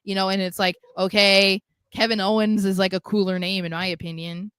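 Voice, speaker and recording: A woman's voice: mid-range voice, flat delivery, a little fast, fairly bright tone, clear, resonant tone, dry recording. Chatty giggly woman, dry close mic. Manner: chatty, giggly, slips into quoted voices. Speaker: podcast co-host. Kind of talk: casual wrestling podcast chat.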